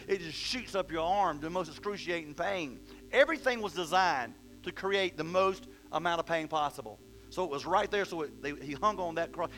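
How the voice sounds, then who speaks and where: A man's voice: high voice, bright, forceful tone. A man pastor preaching a sermon, asking questions and reading scripture aloud. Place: church hall.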